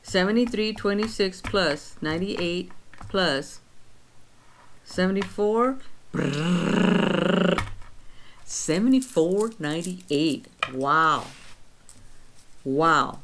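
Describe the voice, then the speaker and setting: A woman's voice: fairly low pitch, lively intonation, drawn-out words, pauses often, noisy background. A woman in her sixties chatting casually on her vlog, counting her savings aloud and telling stories of her week. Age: 60s. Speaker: vlog host. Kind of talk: casual chat.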